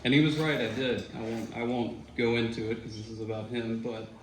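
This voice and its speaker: A man's voice: medium pitch, little pitch movement, fairly quick. A man, a former student, telling casual stories at a memorial tribute, talking conversationally with fillers and quoted voices. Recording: echoey room with faint noise.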